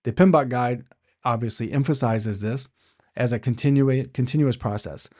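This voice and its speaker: A man's voice: mid-range voice, normal speed, darkish tone. A man hosting an instructional podcast, teaching in a conversational way, asking rhetorical questions and often restarting his phrases. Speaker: podcast host.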